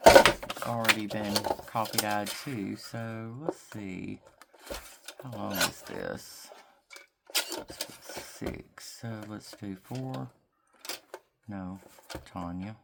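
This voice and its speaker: A woman's voice: a bass voice, fairly even intonation, creaky, heavy background noise. A woman from Mississippi with a Southern drawl, chatting and thinking aloud as she works on a craft project at her desk. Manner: chatty, thinking aloud while working, drawn-out words. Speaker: craft vlogger. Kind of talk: casual crafting chat to camera.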